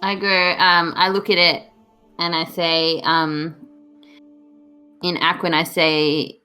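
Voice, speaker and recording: A woman playing in a tabletop game talks through her character's actions with hesitant fillers. Her tone is bright and sharp, with low pitch and soft music under her. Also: flat delivery, slow pace, long pauses. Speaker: player.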